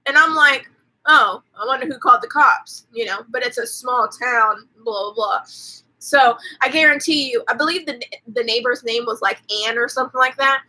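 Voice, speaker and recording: A woman's voice: a little high, normal speed, pushed and bright, poor audio. A woman hosting a casual live movie recap, chatty and profane, with lots of "like" fillers. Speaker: host.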